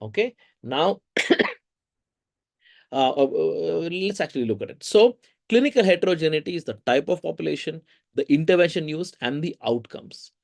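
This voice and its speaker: Indian man lecturing lively, slightly high. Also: normal speed, vocal fry. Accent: Indian English. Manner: lively, conversational, asks the audience questions. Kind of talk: teaching a research methods course.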